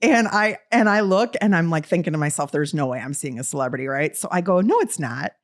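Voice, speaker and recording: A lower-pitched woman in her forties from Wisconsin, chatting as a podcast guest. She tells her stories briskly and laughs often, jumping her voice up high to act out what other people said. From Wisconsin, US Midwest. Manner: lively, laughing, acts out quotes in raised voice. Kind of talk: casual storytelling.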